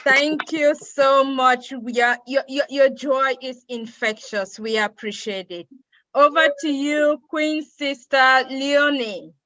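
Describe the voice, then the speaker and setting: A woman moderates an online call with slow, formal courtesy. Her voice is high and unhurried. The call audio is dry and lo-fi. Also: fairly bright tone, no echo.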